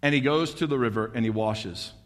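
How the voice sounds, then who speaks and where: In a spacious-sounding room, a man delivers an energetic, chatty sermon packed with rhetorical questions for the congregation. His voice sits in the mid range, and he talks a little quickly.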